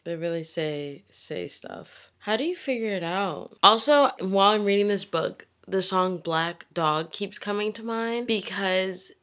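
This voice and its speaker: A young woman talks to the camera from her bedroom in a loose, easygoing ramble. She fills her sentences with "like" and slips in quick laughs as she chats. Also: mid-range voice, fairly bright tone. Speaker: vlogger. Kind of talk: casual chat to camera.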